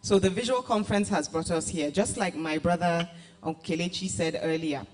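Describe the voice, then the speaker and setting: A woman's voice: fairly low pitch, moderate pace, a little mellow. A woman giving a formal yet chatty speech at an award night, laughing often between points, into a stage mic in a large hall. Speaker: guest speaker, arts agency director.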